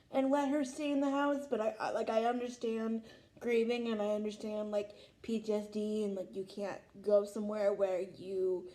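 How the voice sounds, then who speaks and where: Gushing young woman with a mellow voice. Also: fairly high pitch. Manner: gushing, emotional, lots of "oh my God". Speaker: vlog host. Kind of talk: casual fan reaction chat.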